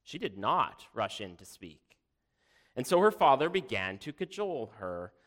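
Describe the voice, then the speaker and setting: A man's voice: medium pitch, very animated, a little slow, fairly bright tone. A man giving a sermon, telling a story in a dramatic storytelling way. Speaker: preacher. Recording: long hall reverb.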